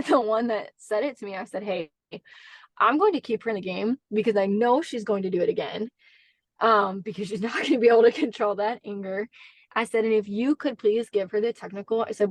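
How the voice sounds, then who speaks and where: A woman's voice: mid-range voice, no echo. A woman basketball coach, a podcast guest, telling a story in an earnest, heartfelt way, with many fillers and restarts. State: briefly emotional. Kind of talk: conversational interview storytelling.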